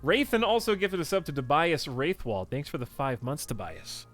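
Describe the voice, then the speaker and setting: A man's voice: on the high side, sing-song, normal speed, fairly bright tone, soft background music. A man streaming a game, rambling casually and talking straight to his chat. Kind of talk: casual livestream chat while playing a game.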